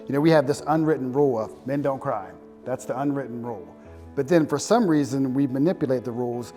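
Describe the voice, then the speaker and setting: Reflective man, mellow voice, faint music. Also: mid-range voice. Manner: reflective, explains his points step by step. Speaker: discussion participant. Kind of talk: candid round-table conversation. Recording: long hall reverb with faint music.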